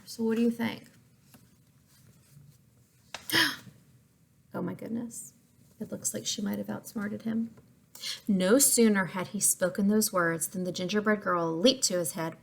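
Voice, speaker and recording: Expressive woman reading a picture book. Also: medium pitch, creaky, a little hiss or hum. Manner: expressive, asks listeners questions, explains words. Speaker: story reader for children.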